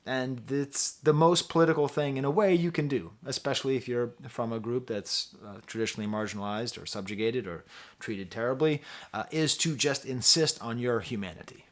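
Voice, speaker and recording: A man talks straight to camera about an album he loves, impassioned and emphatic. He laughs easily and drops in teacherly asides. His voice sits at an ordinary middle pitch for a man. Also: brisk. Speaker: music reviewer hosting his own channel. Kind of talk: casual record review monologue.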